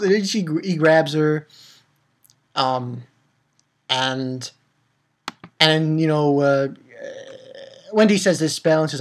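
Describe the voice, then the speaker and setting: A man reviewing a manga chapter in casual chat, excitable and rambling, with many fillers and exclamations. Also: a little high, normal speed.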